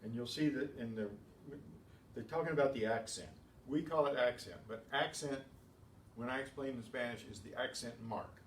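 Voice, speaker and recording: A man's voice: medium pitch, normal speed, slight background noise. A man teaching a beginners' Spanish class, explaining rules methodically with chatty asides. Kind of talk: classroom lesson. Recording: echoey room, distant mic, faint ambience.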